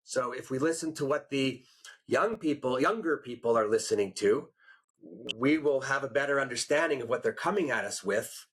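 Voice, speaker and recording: A man hosting a podcast in casual chat, telling stories with lively acted-out quotes. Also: mid-range voice, normal speed, husky. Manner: animated storyteller, acts out quotes. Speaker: podcast host.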